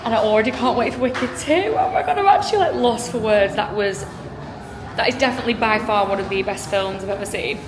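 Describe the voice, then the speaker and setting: Talking fast over music, a young English woman with a medium-pitched voice and an English accent chats to her phone camera for a travel vlog, gushing and dropping lots of "like" and "oh my God."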